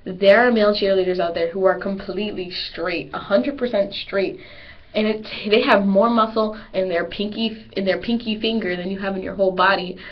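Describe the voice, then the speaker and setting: A teenage girl vlogging from her webcam, her speech rambling and looping back on itself as she acts out the people she is quoting. Her voice sits at an ordinary pitch for a woman. The audio is dull and lo-fi, as from a cheap built-in webcam mic. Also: steady tone, moderate pace. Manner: rambling, repeats herself, acts out quoted people. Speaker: cheerleader. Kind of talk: casual webcam vlog.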